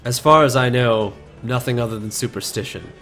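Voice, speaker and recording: A man's voice: medium pitch, a little fast, faint music behind, natural voice. A man voicing a suave, charming male paladin investigator who speaks courteously in a tabletop game. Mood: smooth. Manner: smooth, courteous, flattering.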